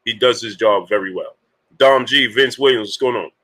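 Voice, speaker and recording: Bright-voiced man hosting a livestream. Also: medium pitch, moderate pace, rough recording. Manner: greets viewers by name between points, many fillers. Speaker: boxing talk livestream host. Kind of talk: casual livestream chat.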